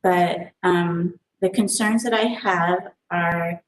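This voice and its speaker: A woman who lives nearby, giving public comment at a planning meeting in a measured, hesitant way. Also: fairly low pitch, steady tone. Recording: distant mic with faint noise.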